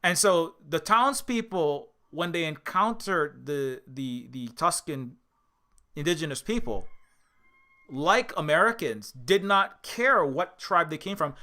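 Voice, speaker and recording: A man's voice: a little high, lively intonation, takes it slowly, sharp tone. A man giving casual spoken commentary as a video essayist, impassioned and rambling, with frequent restarts and filler words.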